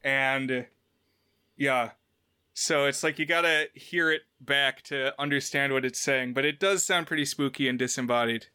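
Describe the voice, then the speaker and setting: A man with a bright, crisp, smooth voice co-hosts a casual film-review podcast. He retells scenes animatedly and jumps up in pitch to quote characters. The sound is dry and close. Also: measured pace, dry recording. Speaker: podcast co-host.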